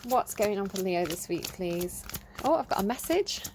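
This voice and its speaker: A woman chats through a tarot reading, recorded on a phone. She talks in a loose, rambling way with many ums and side remarks. Her voice sits at a middling pitch. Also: sing-song, moderate pace, noisy background. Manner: chatty and rambling, many fillers. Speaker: tarot reader. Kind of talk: casual tarot reading to camera.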